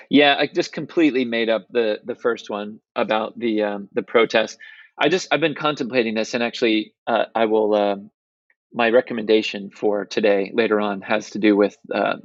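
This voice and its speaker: A man's voice: fairly low pitch, no room sound, dull audio. A man co-hosting a podcast in casual chat, musing and telling stories with plenty of fillers. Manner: chatty, storytelling, hedging with fillers. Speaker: podcast co-host.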